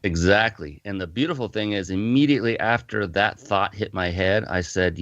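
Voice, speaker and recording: A man's voice: lowish voice, moderate pace, few pauses, no echo. A man, a podcast guest, animatedly telling a personal story in a casual interview. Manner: animated storyteller, frequent restarts. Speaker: podcast guest, fitness company founder. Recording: muffled lo-fi audio, dry.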